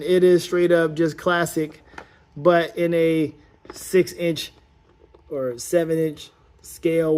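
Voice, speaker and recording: Guy chatting loosely about action figures, playful, thinking out loud. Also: sits high. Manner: rambling and playful, thinks aloud while posing the figure. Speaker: toy collector reviewing action figures. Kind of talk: casual unboxing-style toy review.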